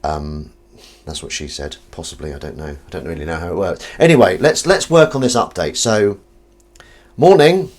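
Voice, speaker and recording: A man hosting a casual live stream, joking with his chat and swinging between loud greetings and mumbled asides. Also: low voice, a little fast, hardly any pauses. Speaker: livestream host.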